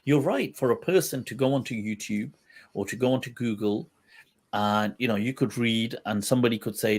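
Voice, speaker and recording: A man's voice: mid-range voice, moderate pace, husky. A man hosting a livestream discussion, thinking aloud in a meandering way, with many restarts. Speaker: Islamic scholar, livestream host.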